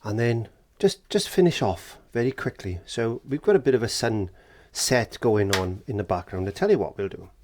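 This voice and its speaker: A man teaching a painting lesson, gentle and encouraging, sometimes dropping into whispered asides, indoors in a studio. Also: lowish voice, lively intonation, moderate pace, few pauses, a little hiss or hum. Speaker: art teacher. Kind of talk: painting tutorial.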